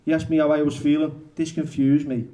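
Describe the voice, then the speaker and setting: A male author reading his memoir aloud at a bookshop event, halting and correcting himself as he goes. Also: on the high side, level tone, dark tone. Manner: halting, restarts and self-corrections.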